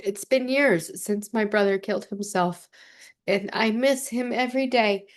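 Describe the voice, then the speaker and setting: A young adult woman talking gently and earnestly to camera about grief, with many fillers and restarts. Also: mid-range voice, measured pace. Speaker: vlogger. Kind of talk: heartfelt personal talk to camera.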